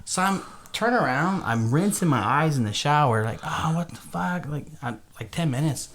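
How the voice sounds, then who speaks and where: A man's voice: a little high, lively intonation, moderate pace, a bit bright, slight background noise. A man with young kids, a podcast co-host, tells a story in casual chat, laughing often and swearing a lot. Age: adult, father of young kids.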